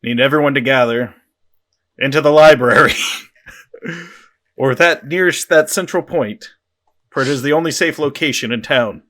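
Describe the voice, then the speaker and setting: A commanding leader delivering a stirring broadcast to a town, grand and theatrical. A man plays him during a tabletop game. The voice is bright and forceful. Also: medium pitch, moderate pace, pauses often, close to an everyday voice. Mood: rousing. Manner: grand, speech-like, laughing through it. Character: male leader giving rousing speech.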